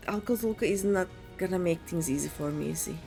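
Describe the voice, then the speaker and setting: A woman's voice: lowish voice, a little fast, gravelly, over music. A woman streamer casually commenting on her game, humming and muttering playfully as she plays. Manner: playful, hums and mutters while playing.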